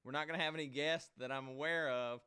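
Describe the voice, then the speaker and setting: A man's voice: a little high, fairly even intonation, fast, pushed and bright, smooth. A man hosting a live online show alone, chatting casually and folksily straight to his viewers. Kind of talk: casual livestream chat.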